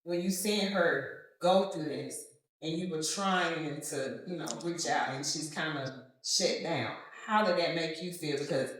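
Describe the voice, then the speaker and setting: A woman's voice: low voice, a little slow, a bit bright. A woman podcast host asking long, rambling, searching questions. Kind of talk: interview questions. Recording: very echoey, distant from mic.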